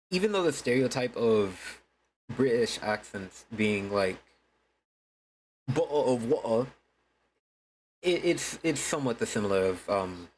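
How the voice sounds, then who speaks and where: A man's voice: lowish voice, a little hiss or hum, rough recording. A man chatting casually to his viewers during a game stream, laid-back and swearing freely. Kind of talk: casual gaming stream chat.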